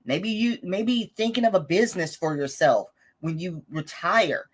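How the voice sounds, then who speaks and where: A woman's voice: on the low side, expressive, unhurried, breathy edge. A woman hosting a casual budgeting livestream, chatting, reading viewer comments aloud and correcting herself as she goes. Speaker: host of a live budgeting stream.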